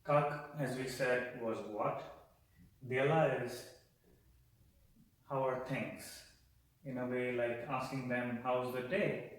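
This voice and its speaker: A man teaching simple phrases to healthcare workers, patiently repeating words slowly for practice. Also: mid-range voice, fairly even intonation. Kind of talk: explanatory lesson with slow repeated drills. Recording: echoey room, voice far from mic.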